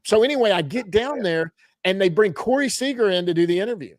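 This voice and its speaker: A man, a sports reporter appearing as a guest, telling stories in a casual, animated way with chuckles. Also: sits high, fast, no echo. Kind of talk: casual storytelling chat.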